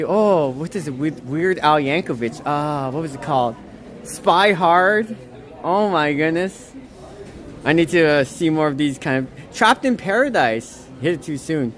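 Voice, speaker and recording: A woman livestreaming as she walks outdoors, reading chat aloud in an excitable, gushing, rambling way. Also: fairly low pitch. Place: outdoors on a snowy town walk.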